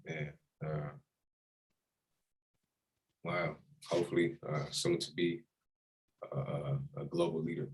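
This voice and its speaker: A young adult man, a college quarterback, speaks with emotion as a guest in a casual interview, heartfelt and reflective. His bass voice is flat in delivery, and he takes it slowly with frequent pauses. The recording is low quality.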